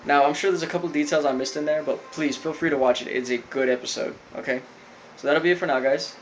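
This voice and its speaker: Young male reviewer, chatty and rambling, voice sitting a bit high. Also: steady tone, fast talker, a little hiss or hum, low-quality recording. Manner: rambling, filler-heavy storytelling with lots of "like". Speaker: video reviewer. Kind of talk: casual episode recap.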